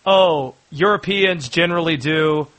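A man's voice: fairly high pitch, measured pace, fairly bright tone, poor audio. A man hosting a sports talk radio show, opinionated and joking as he takes on the topics.

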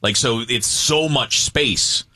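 A man's voice: medium pitch, takes it slowly, sharp tone, no echo. A man co-hosting a talk show, explaining things in a rambling, playful way with lots of fillers. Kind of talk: casual radio banter.

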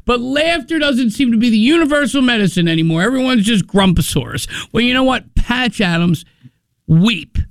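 Guy hosting a radio show, high voice with gravel in it, earnest and rambly, dry studio sound. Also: fairly quick, hardly any pauses, no echo. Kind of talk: casual radio banter.

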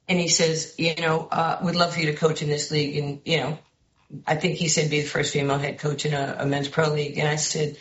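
A low, deep-voiced woman with a New York accent tells stories as a guest on a talk show. She jumps into the voices of the people she quotes. The sound is roomy and a little dull. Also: normal speed. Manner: lively storyteller who acts out quoted voices. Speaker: basketball head coach, guest. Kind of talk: animated storytelling interview.

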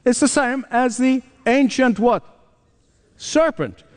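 A man's voice: very high voice, lively intonation, takes it slowly, clear, resonant tone, big-room sound. A man preaching a sermon as pastor, emphatic and prompting his listeners to finish his sentences. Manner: emphatic, asks the congregation to fill in words.

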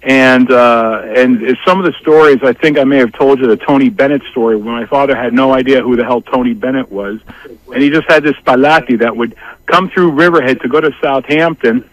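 A man in his sixties, a guest telling a family story in a rambling, animated way. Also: medium pitch, brisk, low-quality recording. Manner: animated, acts out family members' voices; rambling with many restarts and asides. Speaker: interview guest. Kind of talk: casual storytelling.

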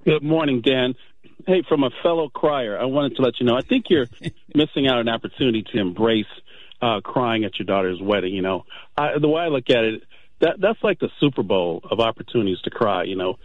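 A man's voice: mid-range voice, animated, a little fast, no room sound. Man calling in over a tinny phone line. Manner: earnest, folksy sports analogies. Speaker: caller. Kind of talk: phone-in chat.

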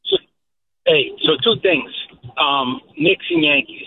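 Radio caller, a man, gravelly and a bit high, tinny phone audio. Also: huge pitch swings, slow pace. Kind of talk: call-in chat.

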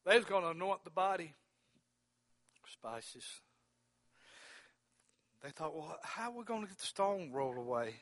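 A man preaches in a fairly high voice, swinging from ringing exclamations down to hushed whispers. He calls out to the brothers by name as he goes. The sound is dry and close, with no room around it. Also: animated, normal speed, pauses often, no room sound. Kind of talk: sermon.

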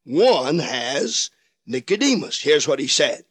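A high-pitched man preaches in a dry, close recording. He has an old-fashioned preacher's cadence and stretches out his emphatic phrases. He acts out the voices of the people in the passages he quotes. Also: very animated, slow, husky, no room sound. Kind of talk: sermon.

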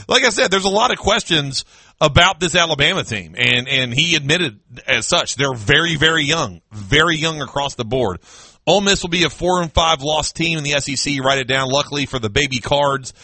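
A man's voice: mid-range voice, moderate pace, bright, forceful tone, dry recording. A man hosting a sports talk radio show, ranting sarcastically at callers and fans and mocking them in a raised voice.

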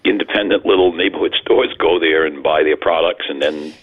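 An older man chatting casually in a rambling, storytelling way with a gravelly, husky voice. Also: very deep voice, brisk. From New England. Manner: rambling storyteller with many fillers. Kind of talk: casual chat. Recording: tinny phone line.

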